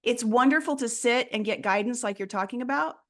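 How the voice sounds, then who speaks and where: A woman's voice: on the high side, a little fast. A woman talking as a guest in an interview, explaining her approach earnestly and acting out quoted people along the way. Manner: earnest, explanatory, often acts out quoted voices. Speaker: guest, fear coach. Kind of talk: casual interview talk.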